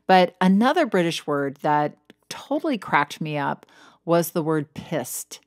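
A woman's voice: low voice, big pitch swings, unhurried, no echo, studio quality. A middle-aged woman hosting a casual solo podcast as a weight loss coach, chatty and self-deprecating, laughing at herself.

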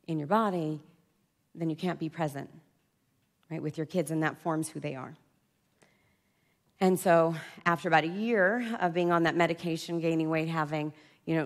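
A woman giving a confessional personal-story talk at a conference, swinging from loud outbursts to hushed near-whispers. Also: low voice. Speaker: conference speaker. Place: conference stage before an audience.

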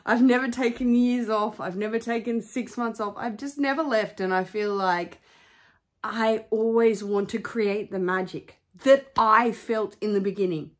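A woman's voice: mid-range voice, normal speed. A middle-aged woman vlogging, talking emphatically and getting heated. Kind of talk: candid vlog rant.

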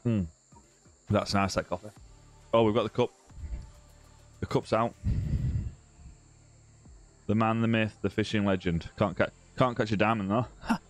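Streaming a fishing game live from a room at home, this southern English host teases and chats casually with viewers, using "mate" and "bro" a lot and restarting phrases. His voice is on the low side and fairly even, a little slow, with long pauses.

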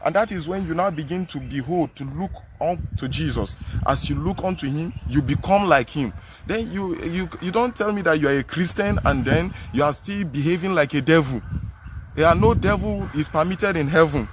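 A man's voice: on the high side, moderate pace, noisy background. A man with a Nigerian English accent preaching a sermon outdoors, earnest and emphatic, repeating his phrases.

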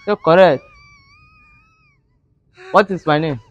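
A man's voice: a little high, slow, dull audio, noisy background. Mock-outraged comic man. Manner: mock-outraged, pleading, broken English for laughs. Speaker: comedian. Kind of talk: comic monologue to camera.

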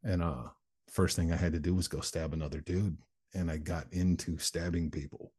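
Man, low husky voice, dark and mellow tone, blunt plain-spoken guest, candid storytelling. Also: steady tone, normal speed. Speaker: interview guest, motivational speaker. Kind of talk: candid personal storytelling in conversation.

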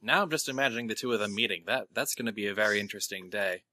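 Bright-voiced, laughing game master man. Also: fairly low pitch, no room sound. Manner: chatty, quick to laugh. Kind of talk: narrating a tabletop game.

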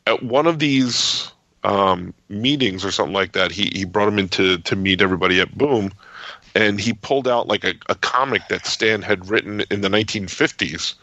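A man co-hosting a podcast, chatting casually in a halting way, repeating words and filling pauses. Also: on the low side, pushed and bright, no echo. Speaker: podcast co-host. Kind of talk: casual chat. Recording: dull, dry lo-fi mic.

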